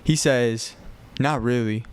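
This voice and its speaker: Young man, Chicago accent, resonant voice, mid pitch, cussing, animated storytelling. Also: slow, smooth. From north side of Chicago. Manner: profane, animated retelling with quoted voices. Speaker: podcast host. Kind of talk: casual storytelling.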